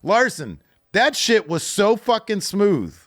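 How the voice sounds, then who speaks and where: A man co-hosting a podcast, chatting casually and excitably, swearing freely. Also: high voice, slow pace, no echo, studio quality. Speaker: podcast co-host. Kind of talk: casual wrestling recap chat.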